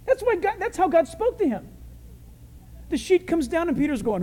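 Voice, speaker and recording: A male preacher giving a sermon, talking in an animated, conversational and humorous way. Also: very high-pitched, moderate pace, in a large hall.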